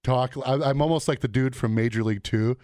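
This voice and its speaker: A man's voice: medium pitch, a little fast, dry recording, clean studio sound. A man hosting a radio morning show, trading casual banter and telling stories with lots of laughter and voice mimicry. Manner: animated storyteller, laughs often, mimics voices.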